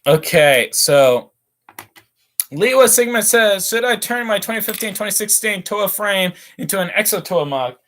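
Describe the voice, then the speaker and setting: A man's voice: sits high, animated, moderate pace, fairly bright tone. A young man hosting a casual livestream while building toy models, rambling and ranting between reading out chat messages.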